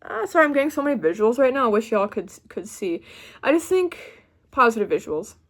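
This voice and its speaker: A young woman talks through a tarot reading in a slightly high voice. She gushes and gets excited as she goes, often breaking off mid-word before she finds the thought again. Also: a little fast. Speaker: tarot reader. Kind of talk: pick-a-card tarot reading.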